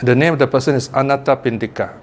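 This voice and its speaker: A man's voice: mid-range voice, fast talker, slight background noise. A man, a Buddhist teacher giving a chatty Dharma talk, laughing often and tossing in asides. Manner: chatty, laughs often, lots of "you know".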